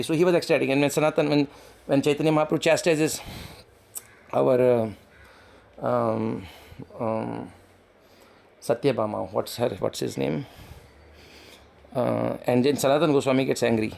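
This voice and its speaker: A man giving a devotional lecture as a spiritual teacher, talking in a halting way with many restarts and fillers. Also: medium pitch, fairly even intonation, gravelly, a little mellow.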